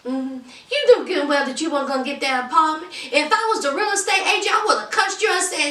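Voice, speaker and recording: Sassy, bright-voiced woman recapping. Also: very high voice, expressive, fast, few pauses. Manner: sassy, dramatic, teasing. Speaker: reality TV reviewer. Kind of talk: casual recap commentary. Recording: roomy echo, distant from mic.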